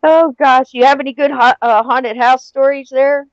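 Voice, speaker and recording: A woman's voice: high-pitched, fairly even intonation, moderate pace, no echo. A middle-aged woman in casual chat, animatedly telling a story with frequent laughter. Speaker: podcast guest. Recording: dry, muffled lo-fi audio.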